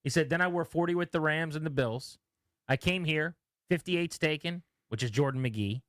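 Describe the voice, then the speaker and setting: A man with a somewhat high voice hosts a sports radio show at normal speed, recorded with no room sound. He talks shop casually, animatedly telling stories about players and quoting them.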